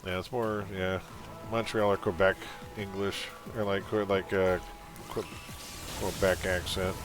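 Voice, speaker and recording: A man's voice: sits low, level tone, measured pace, music in the background. A man from Canada with a mild Canadian accent, chatting casually as he streams a game and reads its text aloud. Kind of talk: casual live-stream commentary.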